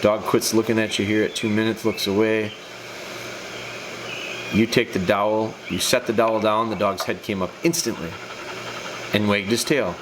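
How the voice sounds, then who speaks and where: Low-voiced man coaching through a video. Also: steady tone, moderate pace, pauses often, noisy background. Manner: direct, coaching, repeats phrases for emphasis. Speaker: dog trainer reviewing a video. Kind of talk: casual video breakdown commentary.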